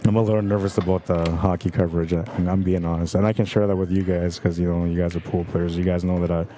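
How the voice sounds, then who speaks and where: A man's voice: sits low, flat delivery, fast, mellow, a little hiss or hum. A man hosting a pool tournament livestream, chatting casually and directly to his viewers in a self-deprecating way. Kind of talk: casual chat and livestream commentary. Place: pool hall during a tournament.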